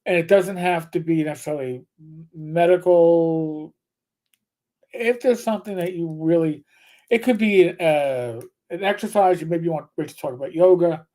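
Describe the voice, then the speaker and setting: Middle-aged male co-host, ex-cop from New York, warm low tone, loose halting storytelling. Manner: rambling, halting, many restarts. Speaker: podcast co-host, retired police officer. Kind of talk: casual storytelling chat.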